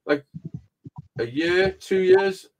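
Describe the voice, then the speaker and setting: A man's voice: very high voice, huge pitch swings, slow pace, creaky, a little mellow. A man, host of a live show, telling rambling sweary anecdotes in casual chat.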